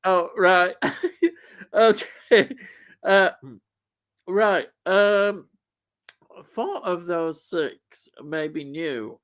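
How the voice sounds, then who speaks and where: A man hosting a livestream who talks slowly and rambles. His pitch sits a little high. He reads viewer comments and thinks aloud, with hesitant fillers between his points. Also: fairly bright tone. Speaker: livestream host. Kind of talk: casual chat.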